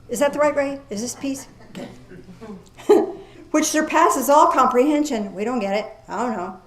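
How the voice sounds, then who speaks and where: A woman preaching a sermon in a lively, folksy way, reading scripture aloud slowly and commenting with casual asides. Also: high voice. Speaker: pastor. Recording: echoey room.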